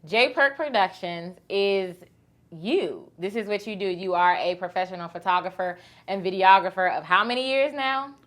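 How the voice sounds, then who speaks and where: Bright, animated woman host storyteller. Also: medium pitch, normal speed. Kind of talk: casual chat.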